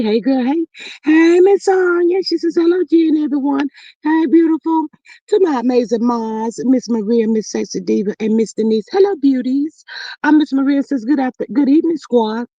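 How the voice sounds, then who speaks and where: High-voiced chatty woman hosting a stream. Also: no echo. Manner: chatty, animated, Southern-style slang. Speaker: live stream host. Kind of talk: casual live stream chat reading comments.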